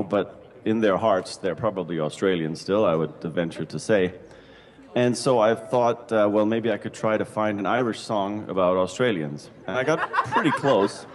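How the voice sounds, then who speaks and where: A man's voice: sits low, in a large hall. A man introducing a song he is about to play, chatty and self-mocking, in a casual stage introduction.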